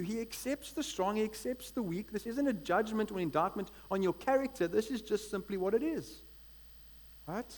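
Energetic preacher, higher voice. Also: male voice, moderate pace. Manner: energetic, conversational, often asks "right?". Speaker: pastor. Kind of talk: sermon.

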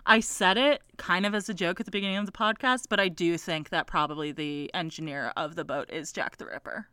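A woman's voice: on the low side, brisk, bright, forceful tone, smooth, dry recording. A woman co-hosting a book podcast in casual chat, making dry, sarcastic asides. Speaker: podcast co-host.

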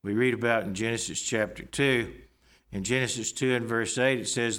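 Guy giving a sermon, mid-pitched voice, slow and careful, explains each verse. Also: fairly even intonation, fairly bright tone. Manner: measured, explanatory, reads scripture aloud. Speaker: preacher.

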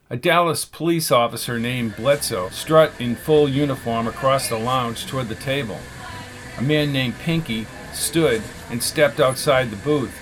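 A man narrating a novel in a steady, measured reading voice. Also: mid-range voice, a little hiss or hum. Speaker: audiobook narrator. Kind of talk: scripted narration.

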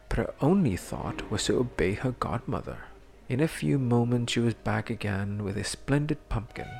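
A man reading a fairy tale aloud in a measured, expressive storybook manner. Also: mid-range voice, vocal fry. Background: music.

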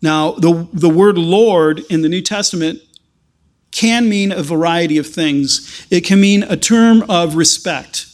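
A man with a fairly high voice preaches a sermon earnestly and haltingly, restarting often before building into emphatic stretches.

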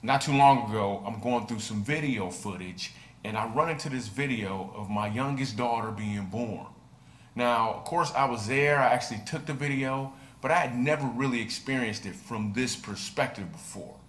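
A man, a stand-up comedian, telling a story in a relaxed, conversational way. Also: mid-range voice, moderate pace. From United States. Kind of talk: casual video monologue. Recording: roomy echo with faint noise.

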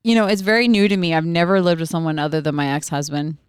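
A woman in her thirties hosting a podcast, chatty and quick to giggle, reading a sponsor ad and bantering with her guest. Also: sits low, steady tone, clear, resonant tone, no echo, clean studio sound. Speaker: podcast host. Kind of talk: casual chat and self-read ad.

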